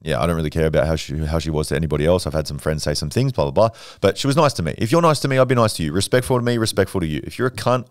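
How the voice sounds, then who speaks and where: A man's voice: deep voice, racing, hardly any pauses, dry recording, studio quality. A young man in his twenties, a fitness coach telling brash, profane stories in casual podcast chat. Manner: brash, profane, boastful storytelling. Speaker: podcast guest.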